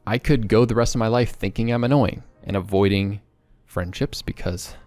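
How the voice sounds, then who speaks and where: A young man talking candidly to camera in a rambling, excitable vlog monologue. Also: lowish voice, dry recording. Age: young adult. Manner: excitable, rambling, quick bursts. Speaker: vlogger.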